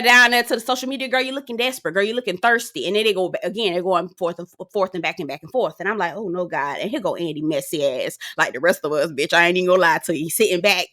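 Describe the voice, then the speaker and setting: Sassy black woman dishing on reality tv, bright voice, swoops up and down. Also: mid-range voice, dry recording, studio quality. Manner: sassy, animated, lots of laughing and slang. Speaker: reality TV recap host. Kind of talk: casual commentary to viewers.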